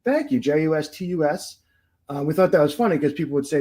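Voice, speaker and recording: Forties male guest, a touch high-pitched, chatty anecdotes. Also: expressive, fast talker, mellow, rough recording. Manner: storytelling, laughs often. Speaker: podcast guest. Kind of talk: casual chat.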